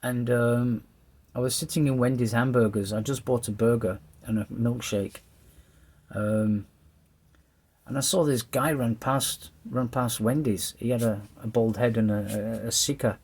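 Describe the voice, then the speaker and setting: Husky English man telling his story. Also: mid-range voice, a little slow. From England. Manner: lively, rambling storyteller who acts out the voices in his story. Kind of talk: personal testimony storytelling.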